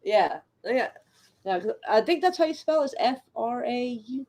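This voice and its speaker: A woman's voice: on the high side, animated, moderate pace, darkish tone. A woman streamer chatting casually about an old comedy film, laughing often and swearing freely. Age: adult. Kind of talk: casual chat.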